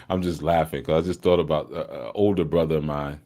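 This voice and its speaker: A man hosting a live study session in a casual, joking way, laughing often and moving between loud and hushed talk. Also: very deep voice, normal speed. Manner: teasing, joking with the chat.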